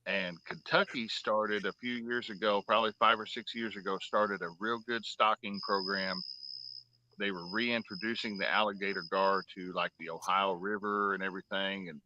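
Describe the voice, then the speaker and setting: A man's voice: on the low side, steady tone, normal speed, pushed and bright, muffled recording. A man hosting a fishing show, chatting casually and rambling through long stories with lots of fillers. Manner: rambling storyteller, drawling, many fillers. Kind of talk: casual chat while fishing.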